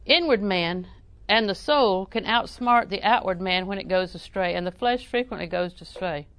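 A middle-aged woman preaches, folksy and full of humor, chuckling often and sometimes breaking into loud acted cries. Her voice sits in a middle register. The sound is dry and close, with no room echo. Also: medium pitch, normal speed, clear, resonant tone. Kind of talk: sermon.

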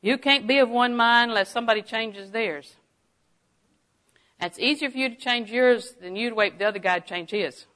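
A woman preaching a Bible lesson with a bright, forceful voice pitched a little high. She mixes personal stories with emphatic declarations that build to strong peaks. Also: moderate pace. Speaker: Bible teacher. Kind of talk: sermon-style Bible teaching.

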